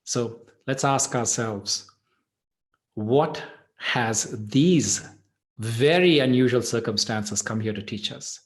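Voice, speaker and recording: A man at a mid pitch leads a meditation gathering as its teacher. He tells a parable and then reflects on it in a gentle, thoughtful voice. His delivery stays conversational and unhurried. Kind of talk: storytelling and reflective talk.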